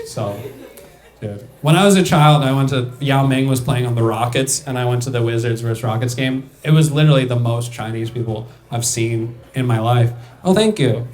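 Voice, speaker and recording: A man's voice: mid-range voice, echoey room. A young man doing a stand-up set, chatting loosely with the crowd and laughing through his punchlines. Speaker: stand-up comedian. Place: comedy club stage.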